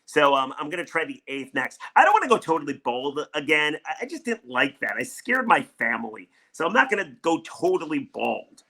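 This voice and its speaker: Middle-aged male sports radio host, ranty and heated, bright forceful tone, slightly high-set voice. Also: sing-song, a little fast, vocal fry, hardly any pauses. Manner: fired-up ranting. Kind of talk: solo sports talk podcast.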